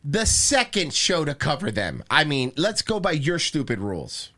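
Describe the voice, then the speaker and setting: A man hosts a casual podcast chat with an excitable, profane edge. His voice is bright and forceful, and his pitch jumps all over. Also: moderate pace. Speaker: podcast host.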